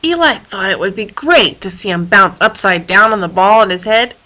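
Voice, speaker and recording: A woman's voice: mid-range voice, lively intonation, moderate pace, bright, forceful tone. A playful woman reading a children's story. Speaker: narrator.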